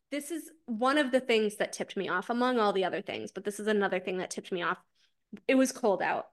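A woman co-hosting a casual book podcast, animated, acting out characters' lines with frequent laughs and swearing. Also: medium pitch. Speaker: podcast co-host.

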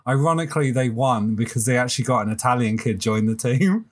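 A man from the UK co-hosting a podcast, telling a story with lively acted-out quotes. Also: mid-range voice, fast talker. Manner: animated storyteller, acts out quotes. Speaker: podcast co-host. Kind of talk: casual chat.

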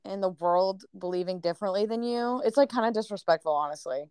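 Young female co-host, smooth clear voice, dry close sound, blunt and direct. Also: mid-range voice, darkish tone, no echo. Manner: blunt, quick to disagree. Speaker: podcast co-host. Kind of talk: casual chat.

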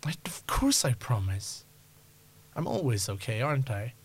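A man voicing a woman who gently reassures a frightened child, halting and soft, in a tabletop game. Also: medium pitch, big pitch swings, husky. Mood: soothing.

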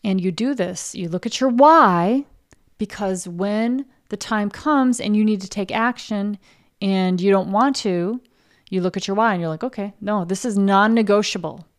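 A woman with a medium-pitched, slightly slow voice hosts a casual motivational podcast for artists and works as their coach. She's blunt and frank, swears freely, and acts out the doubting voice in her listeners' heads.

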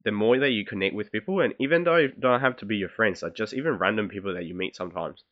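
A man's voice: on the low side, quick pace. A young man, hosting a casual solo podcast and rambling through his thoughts with many fillers and restarts. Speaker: podcast host. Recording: dull lo-fi recording.

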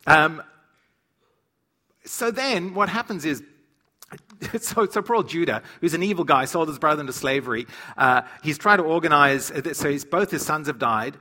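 Male preacher, slightly high, bright tone, animated storyteller teaching scripture with humor. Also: moderate pace. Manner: animated storyteller who acts out quotes.

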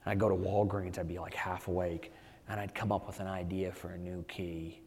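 A man, an author being interviewed, telling animated anecdotes with lots of "you know" fillers. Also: sits low, fairly quick, breathy edge, long reverb tail. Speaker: author guest. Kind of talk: conversational storytelling.

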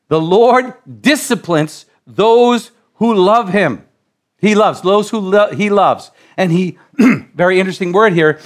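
High-voiced man preaching with rising fervor. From United States. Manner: animated preaching, builds to loud exclamations; repeats and restarts phrases while building up. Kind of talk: sermon.

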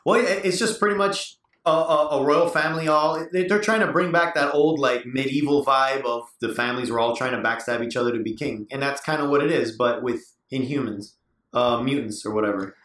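A man's voice: mid-range voice, a bit bright. A man in casual podcast chat, rambling and jumping in with examples. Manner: rambling, quick to jump in with examples. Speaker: podcast co-host. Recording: echoey room, distant from the mic.

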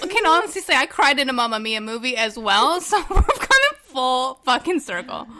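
A woman with a high voice that leaps all over the place, chatting in a teasing, emotional way. The recording carries clear noise and clicks. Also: sing-song, moderate pace. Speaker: podcast co-host. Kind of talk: casual chat.

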